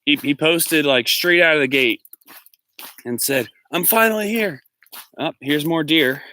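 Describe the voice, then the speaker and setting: A man's voice: a little high, a little slow, pushed and bright, dry recording. A man, a teacher, live-streaming from a walk in the woods on his phone, chatting casually and rambling as he reads out viewer comments. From Pennsylvania. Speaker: teacher and vlogger. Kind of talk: live-stream walking vlog. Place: outdoors, walking in the woods.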